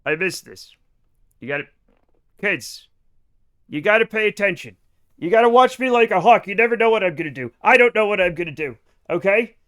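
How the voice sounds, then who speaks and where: A man streams a game live, talking to his chat in an animated, joking way with casual swearing. His voice sits high and sounds bright and forward. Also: brisk.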